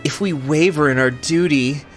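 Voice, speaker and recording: A man reading out the journal of a zealous, paranoid male autocrat, in a slow and solemn manner. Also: a little high, faint music behind, close to an everyday voice. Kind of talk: reading in-game text aloud.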